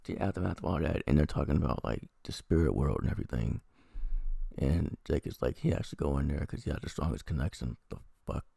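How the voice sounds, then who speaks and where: Gravelly deep-voiced man, profane and rambling. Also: lively intonation, fast talker, warm tone, dry recording, studio quality. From American Midwest. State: unwell. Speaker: TV episode reviewer. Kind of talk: casual spoken review.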